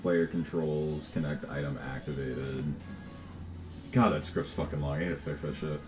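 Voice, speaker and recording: A man's voice: very deep voice, steady tone, normal speed, music in the background. A man chatting casually on a livestream while he codes, swearing, laughing easily and often restarting his words. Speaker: game developer livestreaming.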